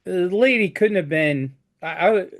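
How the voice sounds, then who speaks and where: A man's voice: high voice, measured pace. A man who works as a flooring contractor, telling job stories in a casual chat and restarting his sentences often. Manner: storytelling with frequent restarts.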